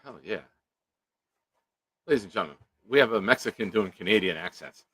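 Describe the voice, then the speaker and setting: A man's voice: fairly low pitch, lively intonation, a little fast, a crowd in the background. A man hosting a casual live-stream chat, joking around and reading viewer comments aloud. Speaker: show host.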